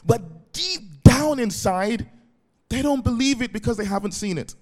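A man's voice: very high-pitched, expressive, measured pace, a little mellow. A male pastor preaching a sermon, often checking if his listeners follow and breaking in with praise. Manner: keeps asking the congregation if it makes sense; repeated "praise the Lord" interjections.

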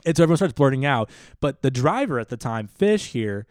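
A man co-hosts a casual podcast, spinning a long story with lots of stammering restarts and growing animation. His voice is smooth and resonant, and the recording is close and very dry. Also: medium pitch, sing-song, fairly quick, a little mellow, no room sound. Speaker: podcast co-host.

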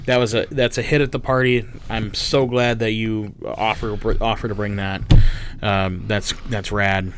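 A man in his twenties co-hosting a podcast, telling a story in a casual, animated, profane way. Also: lowish voice, normal speed, background noise. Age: 20s. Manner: animated, profane, mimics people in stories. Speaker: podcast co-host.

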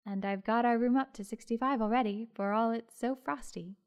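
A brusque older landlady with a bossy, scolding bustle, as a woman reads her in a storybook. She snaps orders and fusses loudly over small troubles. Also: fairly high pitch, fairly quick, natural voice.

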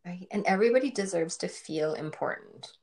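Woman interviewer with a lower voice; casual and encouraging toward her guest. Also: lively intonation, a little fast, darkish tone. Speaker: host.

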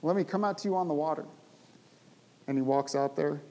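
A male pastor preaching a sermon, speaking with animated emphasis and rising to loud, emphatic bursts. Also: fairly high pitch, a little fast, poor audio.

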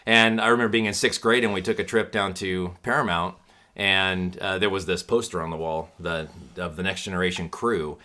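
A man with a low, bright-edged voice talks in a relaxed podcast chat. He rambles happily through his memories, leaning on plenty of "uh" and "you know". His delivery stays friendly and conversational. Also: fairly quick. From from Sacramento area. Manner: enthusiastic, rambling with many fillers. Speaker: podcast guest. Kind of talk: casual chat.

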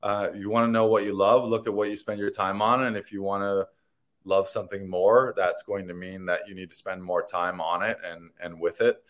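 Rambling earnest man, lowish voice. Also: flat delivery, moderate pace. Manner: rambling, earnest and playful, laughs and swears. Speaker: actor guest. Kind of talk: casual conversational interview.

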